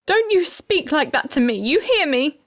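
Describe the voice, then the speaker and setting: A frantic middle-aged mother from an audiobook, her voice pitched high and pleading, forever on the edge of a scream, as a woman reader puts her on. The recording is close and dry. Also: expressive, unhurried, a little mellow, dry recording, full character voice. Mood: hysterical. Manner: shrill, pleading, breaking into screams. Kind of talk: audiobook character reading.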